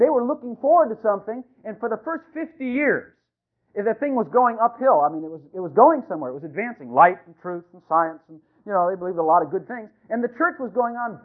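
High-voiced preacher on tinny radio. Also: male voice. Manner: preaching with rhetorical questions to the congregation; swings from loud emphatic calls to quiet asides. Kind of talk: sermon. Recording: tinny phone-like radio broadcast.

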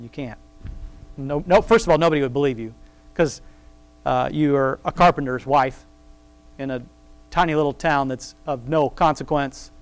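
A man reading scripture aloud slowly and then commenting on it in a loose, rambling, conversational way, laughing now and then at his own remarks. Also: a little high, no echo. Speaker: Bible study teacher. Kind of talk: casual Bible reading and commentary.

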